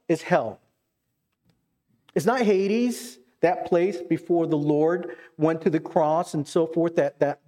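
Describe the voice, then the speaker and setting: A man's voice: on the high side, warm tone. A man preaching a sermon, earnest, with repeated words and questions to the congregation. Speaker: pastor.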